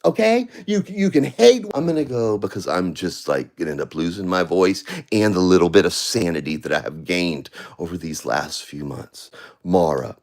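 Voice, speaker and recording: A man ranting on a livestream from home, addressing absent people, swinging between heated shouting and low, tired muttering. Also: lively intonation, moderate pace. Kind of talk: angry livestream rant. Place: at home, seated.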